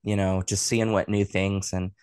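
A man's voice: deep voice, flat delivery, moderate pace, darkish tone, clean tone, no echo. A man in his thirties, a guest on a podcast, chatting casually and rambling with many fillers and restarts. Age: 30s. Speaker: guest, production sound engineer.

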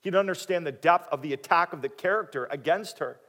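A man preaching a sermon, animated and dramatic, acting out the people in the story and dropping quiet for questions to the listeners. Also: quick pace. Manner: animated, acting out quoted voices with big swings in pitch and loudness. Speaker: pastor.

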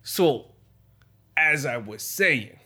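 A man's voice: mid-range voice, expressive, extremely slow, pushed and bright, slightly rough, exaggerated voice. A tipsy man voicing a streetwise Italian-American tough guy who works with cockroaches, with a mock gangster accent and drawling, slangy talk. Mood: conspiratorial. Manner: drawling, slangy, ungrammatical, rambling.

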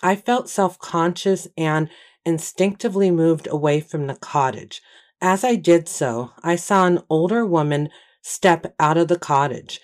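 A woman giving first-person audiobook narration in a steady, measured storytelling manner. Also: sits low.

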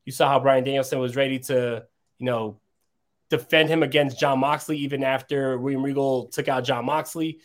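A man's voice: medium pitch, steady tone, normal speed. A man in a casual talk show, explaining his views steadily with many fillers like "you know". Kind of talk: casual chat.

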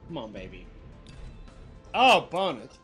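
A man's voice: fairly high pitch, wildly swooping pitch, slow, over music. A man co-hosting a slot stream, urging on the reels and swearing in casual banter. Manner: urges the reels on, swearing and shouting.

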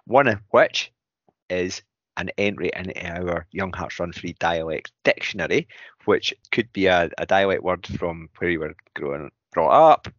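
A man co-hosting a podcast, talking in a relaxed, rambling way. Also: sits low, normal speed, no room sound. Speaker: podcast co-host. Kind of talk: casual podcast chat. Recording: dull lo-fi sound.

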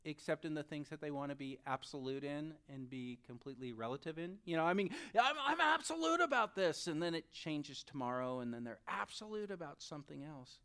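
A pastor preaching a sermon who speaks straight to the congregation and swings between loud, urgent stretches and soft, quiet ones. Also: medium pitch, fairly quick, hardly any pauses, clean tone. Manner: addresses the audience directly.

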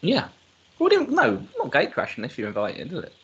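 A man's voice: high voice, wildly swooping pitch, moderate pace, a bit bright, breathy edge, lo-fi sound. A man co-hosting a podcast in casual chat, joking and slipping into silly voices. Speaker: podcast co-host.

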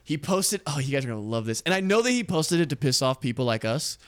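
A man's voice: on the high side, big pitch swings, fast talker, clear, resonant tone. Young man in rambling, sweary podcast banter. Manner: swearing, rambling, laughing often. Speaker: podcast co-host.

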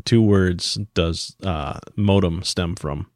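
A man's voice: deep voice, takes it slowly, no echo, studio quality. A man co-hosting a casual tech podcast, joking and laughing often. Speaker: podcast co-host. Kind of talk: casual chat.

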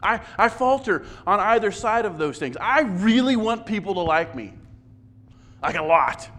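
A pastor preaches a sermon in a high-pitched voice with lively intonation, at a moderate pace and a fairly bright tone. He's conversational and self-deprecating, often stumbling over and repeating words.

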